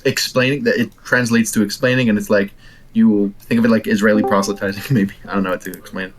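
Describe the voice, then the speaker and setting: A man's voice: on the low side, fairly even intonation, quick pace. A man in a casual debate chat, explaining things hesitantly.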